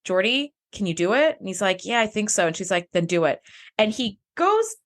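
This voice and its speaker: A woman's voice: medium pitch, sing-song, fairly quick. A woman co-hosting a podcast, chatting casually and acting out characters' lines with animation. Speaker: podcast co-host. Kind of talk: casual recap chat.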